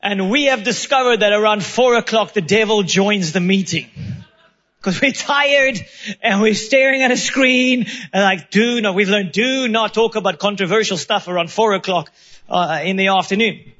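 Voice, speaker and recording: A man's voice: high voice, normal speed, a bit bright, muffled recording. A man preaching a sermon, telling a personal story in an earnest, self-deprecating way, with quoted asides. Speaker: pastor.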